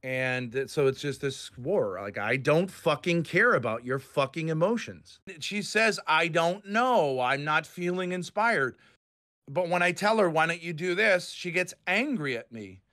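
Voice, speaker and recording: A man's voice: on the high side, animated, moderate pace, hardly any pauses, bright, forceful tone. A man in his fifties from Rhode Island, ranting angrily and profanely on a voice call. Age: 50s. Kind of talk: heated online group chat.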